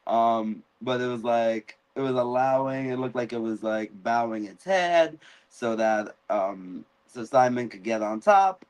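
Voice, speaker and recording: A man's voice: medium pitch, measured pace, darkish tone, clean tone, rough recording. A man hosting a casual live-stream recap, telling the story animatedly and acting out characters' lines. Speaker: podcast host.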